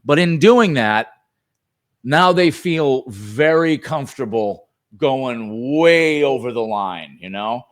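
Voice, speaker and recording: A man appearing as a guest filmmaker on a talk show, emphatic and profane in casual political chat. His voice sits at a medium pitch. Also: lively intonation, takes it slowly.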